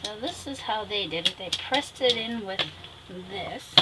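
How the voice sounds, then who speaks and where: In an expressive, mid-range voice, a woman making a craft video talks warmly to her audience without hurrying, often chuckling at her own expense. Background noise is clearly audible in the recording.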